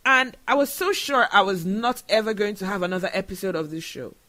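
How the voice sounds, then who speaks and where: A man's voice: sits high, a little fast, sharp tone. A man from Nigeria, hosting a solo podcast and talking in an earnest, emotional way. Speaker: show host.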